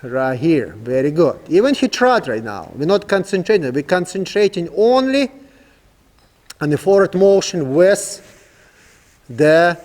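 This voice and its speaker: A man training a young horse, giving calm, coaxing commands and explaining each step in simple, broken English. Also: a little high, measured pace, long reverb tail. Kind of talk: instructional demonstration.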